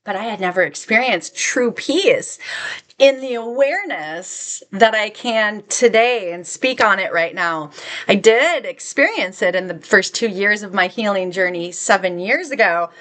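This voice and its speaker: A woman's voice: medium pitch, expressive, measured pace, fairly bright tone. A middle-aged woman speaking an earnest spiritual vlog message to her viewers, encouraging and reassuring, with many filler words. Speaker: spiritual content creator.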